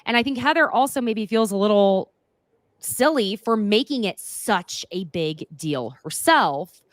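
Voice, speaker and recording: A woman's voice: medium pitch, expressive, measured pace, no echo. Chatty woman, sarcastic and dry-sounding. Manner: chatty, laughs often, sarcastic asides. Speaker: podcast host. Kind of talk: casual chat recapping a reality show.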